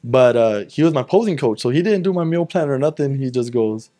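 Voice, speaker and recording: A man's voice: medium pitch, lively intonation, a little fast, dark tone. Rambling, cursing man telling a story. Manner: rambling, swears freely, acts out quoted talk. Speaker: guest. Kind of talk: casual storytelling chat.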